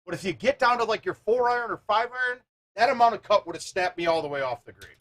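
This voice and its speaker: A man hosting a live stream, chatting casually with viewers and thinking out loud as he plays a golf game. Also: sits high, lively intonation, fast talker.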